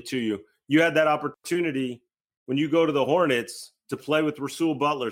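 A man co-hosting a relaxed interview who asks his questions with pauses and fillers. His voice sits at an ordinary middle pitch. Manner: hesitant, filler-heavy questions.

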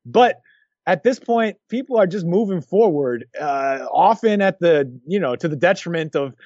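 A man co-hosting a casual sports chat, rambling and restarting his sentences with lively energy, on a dull lo-fi recording. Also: on the high side, moderate pace, no room sound. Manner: rambling, lots of restarts, animated. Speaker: podcast co-host. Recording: dull lo-fi dry sound.

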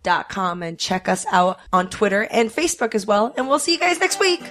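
A woman's voice: mid-range voice, big pitch swings, fairly quick, over loud music. A woman co-hosting a trivia podcast, chatting in a playful, joking way. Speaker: podcast co-host. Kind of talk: casual trivia chat.

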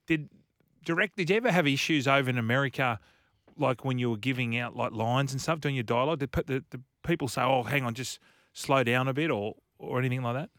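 A man's voice: medium pitch, quick pace, fairly bright tone, no echo, clean studio sound. A man, a radio co-host asking a guest eager, chatty questions. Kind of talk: interview questions.

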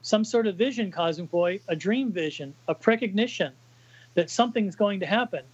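A man's voice: high-pitched, expressive, normal speed, husky, lo-fi sound. A man voicing a young heroine who has visions, reading her lines from a comic in an urgent rush.

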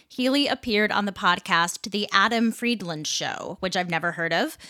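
A woman's voice: medium pitch, fairly bright tone, no room sound. Indignant woman host ranting, mid voice, dead dry room. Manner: indignant, blunt and sarcastic. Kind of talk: ranting commentary.

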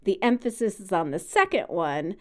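A woman's voice: medium pitch, animated, moderate pace, a little mellow. A woman co-hosting a podcast who explains things patiently, like a music teacher, and sounds out her examples. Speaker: podcast co-host. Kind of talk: casual podcast chat.

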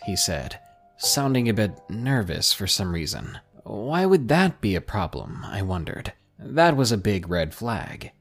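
A man narrating scary first-person stories in a dramatic, expressive podcast style. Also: on the low side, unhurried, vocal fry, slightly rough, soft background music. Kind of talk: scripted horror story narration.

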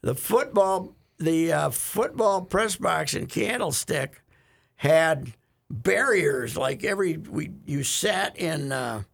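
An older man with a gravelly, husky voice tells rambling sports stories in casual chat. His voice climbs high and swings widely as he chuckles through his anecdotes. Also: animated, slow. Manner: rambling storyteller, chuckling, bursts into high laughs. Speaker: sports columnist and show regular.

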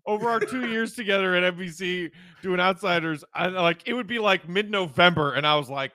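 A man co-hosting a casual sports talk show, analytical, acting out quotes in animated voices. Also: high voice, brisk, dry recording. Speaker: podcast co-host.

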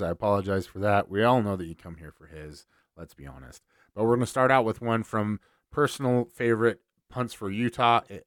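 A man's voice: fairly low pitch, a bit bright, clean tone, dry recording, clean studio sound. A man hosting a sports podcast in casual talk, conversational and repeating words as he starts sentences.

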